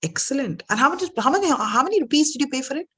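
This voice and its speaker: A woman's voice: a little high, brisk, husky, pitched above the performer's own voice. A woman doing a sly, humble simple man. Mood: teasing. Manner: playfully persistent questioning, then calm teaching.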